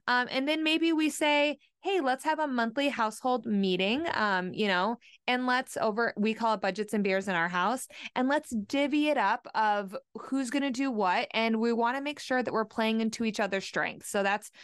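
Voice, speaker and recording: A woman's voice: on the high side, moderate pace, few pauses, smooth, no room sound, clean studio sound. A woman hosting a radio money show in a casual chat, upbeat and explaining with little example quotes. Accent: Upper Midwest American. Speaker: radio host and money coach.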